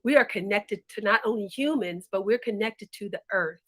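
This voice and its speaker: A woman storyteller telling folk tales in an expressive, animated, sing-song way. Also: medium pitch, moderate pace. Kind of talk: storytelling for listeners.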